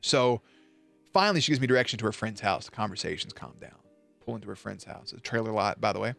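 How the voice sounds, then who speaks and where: A man's voice: fairly low pitch, fast talker, gravelly, a bit bright, soft background music. Man telling a loose, profane story. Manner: loose, profane, laughs at his own story. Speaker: streamer. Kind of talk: casual storytelling on a live stream.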